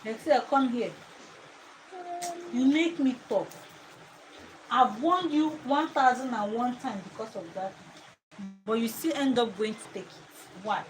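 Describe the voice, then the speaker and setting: A woman's voice: on the high side, measured pace, long pauses, rough recording. A woman chatting casually at home in her vlog, scolding her child between remarks. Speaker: vlogger. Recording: loud ambient noise.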